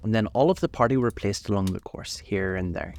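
A man narrating a storybook in a measured, gentle way. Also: on the low side.

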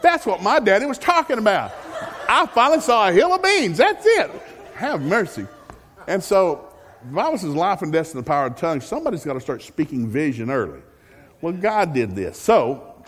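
Lively, husky-voiced pastor in a reverberant hall. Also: male voice, medium pitch. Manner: folksy, joking, animated storytelling. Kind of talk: storytelling sermon. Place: church sanctuary. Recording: long reverb of a large hall.

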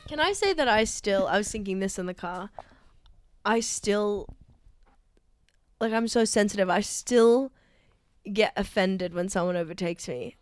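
A woman's voice: mid-range voice, measured pace, pauses often, smooth, no echo. A woman co-hosting a casual podcast chat, giggly and playful. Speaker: podcast co-host.

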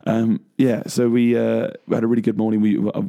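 A man's voice: on the low side, completely flat delivery, fairly quick, vocal fry, warm tone. A man co-hosting a casual music talk show, rambling with plenty of fillers and frequent laughs. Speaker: co-host, bass player. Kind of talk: casual chat. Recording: radio show studio mic.

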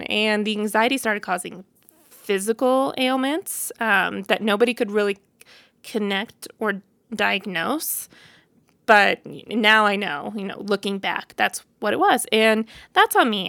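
A woman's voice: mid-range voice, animated, a little slow, gravelly, fairly bright tone, dry recording. A woman in her thirties telling her personal story to camera in a frank, chatty way, full of fillers. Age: 30s. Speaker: vlogger.

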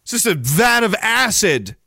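A man's voice: high-pitched, very animated, unhurried, creaky, bright, forceful tone, husky, no echo, clean studio sound. A Canadian man hosting a podcast, ranting angrily in a solo commentary with sarcastic mocking asides. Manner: angry, sarcastic, mocking imitations. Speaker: podcast host.

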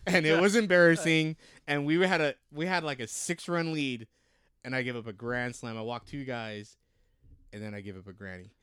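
A smooth-voiced man rambling through old stories. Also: medium pitch, steady tone, normal speed, fairly bright tone, no echo, clean studio sound. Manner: rambling, self-correcting storyteller. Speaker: podcast co-host. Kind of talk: casual chat.

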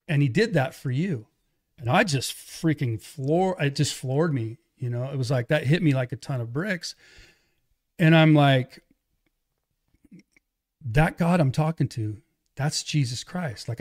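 A middle-aged man, an evangelist, telling his life story in casual conversation, animated and acting out quoted dialogue. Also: on the high side. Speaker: guest, evangelist and pastor.

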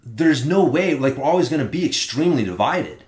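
A man in casual podcast chat, talking in an animated, rambling way and swearing often. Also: a little high, brisk. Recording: roomy echo.

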